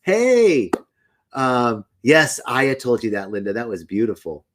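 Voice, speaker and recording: A man's voice: mid-range voice, very animated, unhurried. A middle-aged man hosting a spiritual live stream, chatting casually, greeting viewers by name and telling a candid story.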